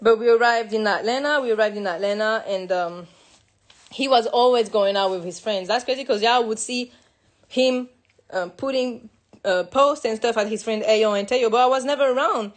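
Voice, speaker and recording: Young french woman telling her story in english, kinda high voice, keeps repeating herself and restarting. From France. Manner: halting, repeats words, self-corrects. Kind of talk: personal confessional monologue.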